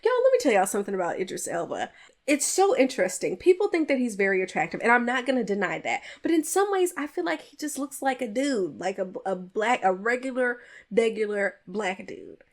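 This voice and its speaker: A woman with a somewhat high voice talks through a movie plot in a loose, conversational way. She is chatty and animated, tossing in playful jabs at the characters as she recaps scenes for her podcast. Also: a little fast. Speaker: podcast host reviewing a film. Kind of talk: casual chat.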